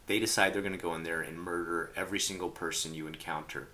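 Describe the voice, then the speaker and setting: A man's voice: low-pitched, brisk. A man casually telling gaming stories, rambling with lots of fillers and acting out people he quotes. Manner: rambling, filler-heavy, animated quoting. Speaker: role-playing game commentator. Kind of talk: casual storytelling to camera.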